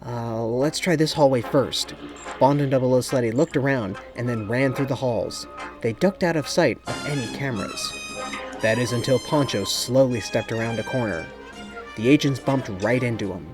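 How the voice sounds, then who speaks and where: Steady male audiobook narrator. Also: mid-range voice, moderate pace, music in the background. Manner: steady, even storytelling. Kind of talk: scripted narration.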